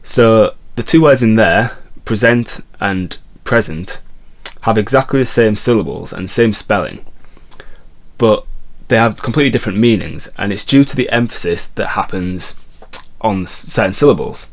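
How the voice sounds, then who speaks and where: Patient, low-voiced male guitar teacher. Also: lively intonation, moderate pace. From England. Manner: explanatory, patient, restarts mid-phrase. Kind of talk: songwriting lesson.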